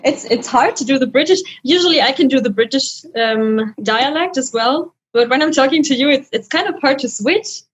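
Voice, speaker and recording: A woman's voice: high voice, normal speed, hardly any pauses, breathy edge, highs cut off. A woman, a podcast guest in casual chat who laughs often between her phrases.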